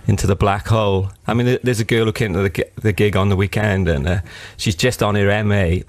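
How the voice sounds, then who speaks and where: A man's voice: lowish voice, fairly even intonation, fairly quick, dry recording. A man from Wales talking as a musician guest on a radio show, laid-back and earnest, often laughing. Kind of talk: casual radio interview chat. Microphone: studio microphone.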